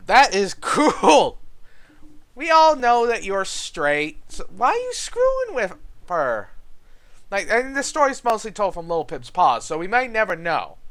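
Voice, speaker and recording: High, lively man reacting bluntly. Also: measured pace. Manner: blunt, profane, emphatic reactions. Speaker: reader commenting. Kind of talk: casual reaction commentary.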